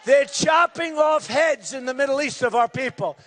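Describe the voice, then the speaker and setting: Emphatic high-pitched older man at a rally. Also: moderate pace, long reverb tail. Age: 60s. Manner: loud, repetitive, emphatic. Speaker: political candidate. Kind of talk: campaign rally speech.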